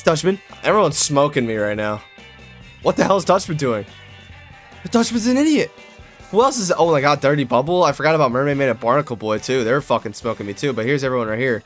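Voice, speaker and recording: A young man commentating a video game with excitable, profane energy. His voice is a little higher than most men's and jumps around a lot as he shouts at what happens on screen. Faint music plays behind him. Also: fairly quick. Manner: loud, swearing, excitable, yelling at the game. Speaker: gaming YouTuber.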